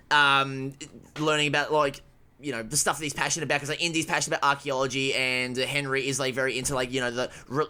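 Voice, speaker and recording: Young male podcast co-host, bright forceful tone, rambling casual chatter. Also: on the high side. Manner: rambling, many restarts and fillers, swears casually. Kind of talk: casual film discussion.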